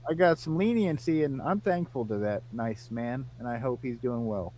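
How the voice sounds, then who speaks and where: A man from Iowa telling an animated story to friends, acting out both sides of the conversation. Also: medium pitch, moderate pace, a little hiss or hum. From Iowa, United States. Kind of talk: casual storytelling among friends.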